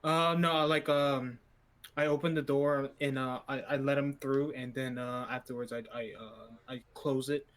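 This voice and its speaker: A man's voice: medium pitch, steady tone, normal speed, a bit bright. A man with a mid-range voice speaks as his character in a tabletop role-playing game. He talks hesitantly, stumbling and restarting as he works out what his character does. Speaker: player.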